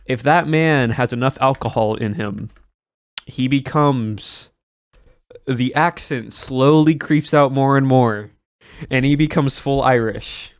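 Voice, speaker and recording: A man's voice: medium pitch, slow, clean tone, no room sound, clean studio sound. A man streaming and chatting casually to his viewers, rambling with many restarts and chuckles.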